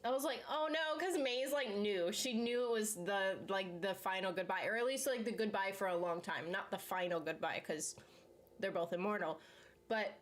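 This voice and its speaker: A woman's voice: medium pitch, moderate pace. Chatty young woman, rambling with lots of "like". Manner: rambling, filler-heavy with frequent "like" and laughs. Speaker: channel host. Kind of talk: casual chat reacting to a series while eating.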